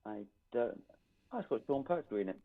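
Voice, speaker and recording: A man's voice: medium pitch, expressive, brisk, gravelly. A man who is a guest on a casual podcast explains things at length in a hesitant way. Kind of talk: casual chat. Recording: tinny phone-like remote line, distant.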